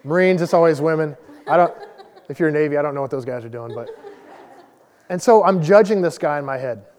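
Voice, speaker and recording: A man's voice: fairly high pitch, brisk, a little mellow. A man in his forties, a lay pastor, giving a conversational sermon with a casual, self-deprecating personal story. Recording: long hall reverb.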